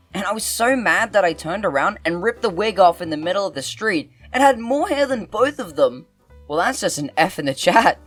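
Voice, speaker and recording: A woman hosts and narrates, reading funny posts aloud and reacting with exaggerated, sarcastic asides. Her voice sits a little low and swings widely in pitch. Soft background music runs quietly underneath. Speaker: host and narrator.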